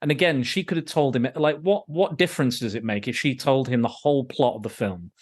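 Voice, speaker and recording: A man's voice: mid-range voice, brisk, breathy edge. Rambling, swearing male podcast host. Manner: rambling, frequent swearing, many restarts. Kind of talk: casual film review chat.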